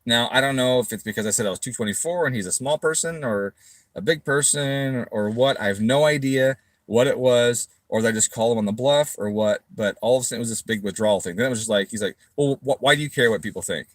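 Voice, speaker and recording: A middle-aged man telling a story casually to camera, swearing freely and acting out his own quoted replies loudly. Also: mid-range voice, quick pace, no room sound. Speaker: tuning shop owner.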